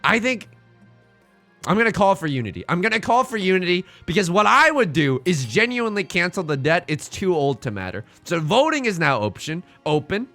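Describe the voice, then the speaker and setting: A young man streaming a game live, excitable and joking as he reads the game text aloud to his chat. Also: high-pitched, a little fast, soft background music.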